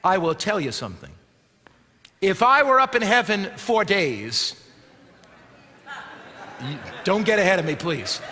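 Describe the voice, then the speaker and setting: A male preacher giving a sermon, dramatic, swinging from loud calls to hushed, quiet lines. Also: sits high, animated, measured pace, long pauses, a little hiss or hum. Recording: long hall reverb.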